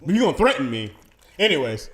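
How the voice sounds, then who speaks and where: A man's voice: on the high side, sing-song, quick pace. A man co-hosting a casual podcast chat, joking and acting out quoted dialogue. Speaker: podcast co-host.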